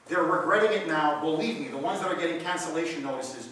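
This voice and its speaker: A man's voice: fairly high pitch, lively intonation, brisk, few pauses, a bit bright. A man, a radio talk show host, answering audience questions at a seminar with passionate, preachy storytelling. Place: large meeting room. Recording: echoey hall, recorded from far off.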